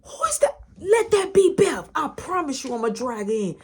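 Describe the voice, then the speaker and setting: Woman doing a shrieking angry mom, very high, husky, wild swoops. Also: big pitch swings, normal speed. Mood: furious. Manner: shrill, frantic yelling. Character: angry shrieking mother breaking things up.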